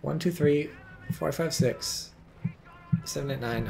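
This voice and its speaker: A man's voice: a little high, takes it slowly, creaky, darkish tone, soft background music. A man giving casual, profane, sarcastic commentary on a strategy game replay and reading viewer chat aloud.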